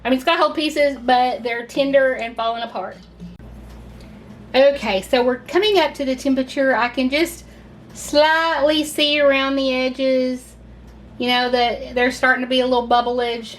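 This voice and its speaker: A woman's voice: high-pitched, fairly even intonation, moderate pace. A Southern woman hosting a casual home cooking video, chatty and gushing as she talks viewers through the steps. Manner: chatty and gushing, says y'all a lot. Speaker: cooking channel host.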